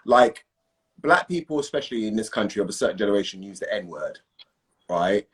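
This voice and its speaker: A man's voice: on the low side, fairly quick. A man, a guest in a casual conversation, talking emphatically and checking in with "right?". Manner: animated, emphatic, asks "right?" often.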